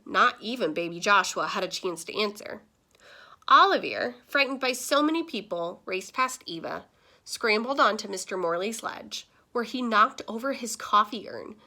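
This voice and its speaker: A woman brings a children's picture book to life as she reads it aloud with lively, expressive storytelling. Her voice sits in the middle range and moves at a normal speed.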